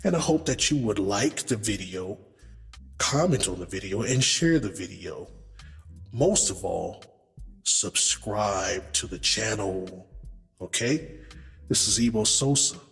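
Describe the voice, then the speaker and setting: A man's voice: lowish voice, lively intonation, slow pace, creaky, a bit bright, long reverb tail, faint music behind. A man talking casually and emphatically as a relationship advice vlogger, addressing listeners as brothers and swearing freely. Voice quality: profanity-laced, emphatic. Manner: conversational, acts out quotes, addresses men as brothers.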